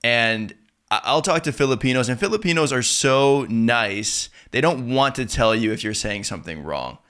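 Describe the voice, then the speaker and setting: Bright-voiced chatty male host. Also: mid-range voice, moderate pace, clean tone. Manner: relaxed and chatty, many "like" fillers, acts out quotes. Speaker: interview host. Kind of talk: casual interview chat.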